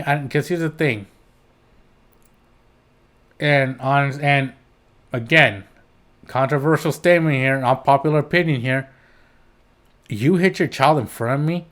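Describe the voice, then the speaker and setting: A man's voice: mid-range voice, measured pace, pauses often, a bit bright. Heated, rambling man ranting on a podcast. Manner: heated, rambling, blunt with swearing and restarts. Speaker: podcast host. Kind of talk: solo podcast rant.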